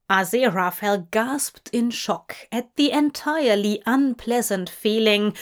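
Woman reader, audiobook narration, unhurried pace, slightly high voice. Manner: slow, measured reading. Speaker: fanfiction reader.

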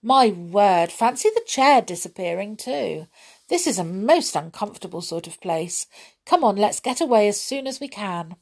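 A woman voicing an excitable small male brownie in a storybook, talking in a breathless, gushing way. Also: medium pitch, moderate pace. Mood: excited.

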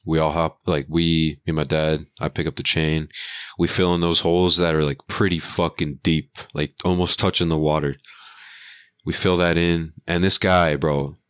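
A man's voice: extremely low pitch, moderate pace, smooth, no room sound, studio quality. A young man casually retelling a work story, full of slang and swearing, and acting out what people said. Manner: profane, slangy, animated retelling with quoted voices.

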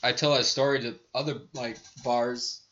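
Male podcast host, bright voice, rambling profane storytelling, dull lo-fi sound. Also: medium pitch, steady tone, normal speed. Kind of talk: casual chat.

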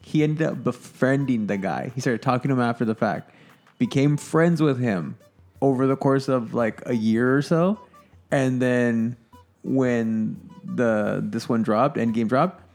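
A man's voice: medium pitch, measured pace, a little mellow, soft background music. A young man chatting casually as a podcast co-host, telling a story in a loose, amused way. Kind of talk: casual chat.

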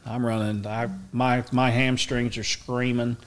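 Man, middle-aged, Oklahoma accent, folksy storyteller, self-mocking, mid pitch. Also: little pitch movement, measured pace. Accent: Southern US, Oklahoma. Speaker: interview guest. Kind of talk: casual storytelling.

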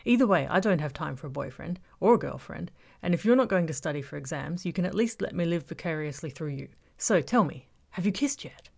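A woman's voice: low voice, animated, quick pace, gravelly, few pauses, darkish tone, full character voice. A woman voicing a young female student, an eager, teasing, caring best friend in an audiobook. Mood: eager prying. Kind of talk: audiobook character voice.

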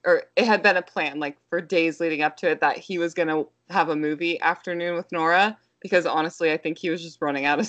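A woman's voice: on the low side, fairly bright tone, no room sound. A young adult woman co-hosting a podcast, telling family stories in a chatty, laughing way. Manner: chatty storytelling with frequent laughs and "like". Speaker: podcast co-host. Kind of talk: casual chat.

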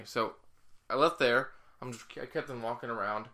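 A young man telling a rambling story in a casual chat, now and then shouting to imitate someone. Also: medium pitch, a little fast. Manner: rambling storyteller, loud bursts when imitating others.

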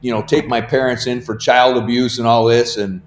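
A man's voice: mid-range voice, flat delivery, brisk. Rambling man telling stories, echoey room. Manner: rambling, laughs through his stories. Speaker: podcast guest. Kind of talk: casual storytelling. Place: home. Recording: roomy echo.

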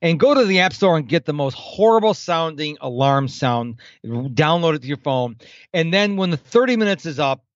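Animated man in his fifties, somewhat high. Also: normal speed, dry recording, lo-fi sound. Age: 50s. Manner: animated, acts out quoted people. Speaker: podcast guest. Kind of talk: casual interview chat.

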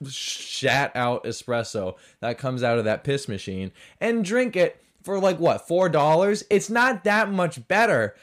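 A man hosting his own podcast, ranting casually and swinging between loud outbursts and muttered asides. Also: on the high side. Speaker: podcast host. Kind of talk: casual solo rant.

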